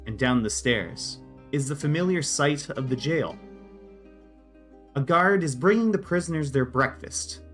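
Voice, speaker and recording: A man serving as game master, narrating scenes in a steady, descriptive way. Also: a little high.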